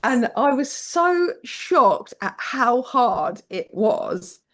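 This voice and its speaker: A woman's voice: a little high, very animated, extremely slow, fairly bright tone. A British woman guest telling parenting stories frankly, swearing casually and acting out quoted voices. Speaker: podcast guest. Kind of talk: candid conversational storytelling.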